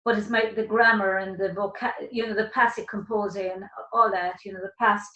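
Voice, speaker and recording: A woman's voice: medium pitch, fairly even intonation, a little fast, pushed and bright, lo-fi sound. Older Irish woman, talk-show host, rambling casual delivery, roomy echo. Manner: rambling, many restarts. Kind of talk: casual interview chat.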